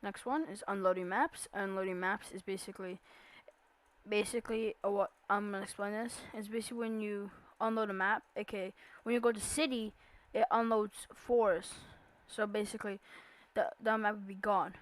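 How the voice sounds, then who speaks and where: A woman's voice: medium pitch, steady tone, moderate pace. A young woman giving a casual voice-over about a video game, rambling with lots of fillers and restarts. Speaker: YouTuber explaining a game iceberg.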